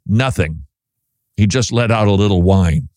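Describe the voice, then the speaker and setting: A man's voice: on the low side, a little slow, a little mellow, dry recording, clean studio sound. Wry, chatty man hosting a talk show. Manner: chatty, wry, reads listener emails aloud. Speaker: Christian radio host. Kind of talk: casual talk show commentary.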